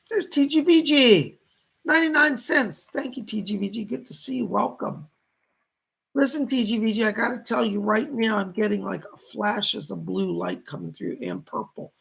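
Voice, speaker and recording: A man hosting live-stream psychic readings from his computer, greeting viewers with excitement and relaying spirit messages. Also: high-pitched, normal speed, vocal fry, husky. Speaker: psychic medium host.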